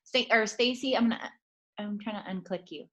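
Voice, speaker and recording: A woman's voice: mid-range voice, brisk, fairly bright tone. A woman host with a mid-range voice talking on a video call. She is friendly and a little scattered, and loses her place while she chats. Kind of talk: casual interview chat.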